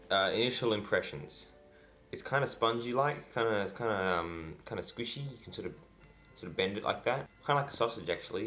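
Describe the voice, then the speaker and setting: A man's voice: low voice, fairly bright tone. A man doing a casual food review vlog, dry and self-deprecating, rambling with lots of fillers. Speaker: food vlogger.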